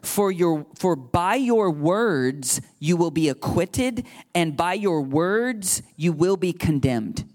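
A man's voice: high-pitched, lively intonation, slow, hardly any pauses, darkish tone. A man preaching a sermon to a live congregation in a loose, conversational way, joking and laughing at himself between points.

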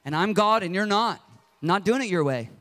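A man's voice: sits high, animated, fairly quick, a bit bright. Brief: a man doing a blunt, no-nonsense God. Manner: blunt, matter-of-fact. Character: blunt, firm God refusing a demand.

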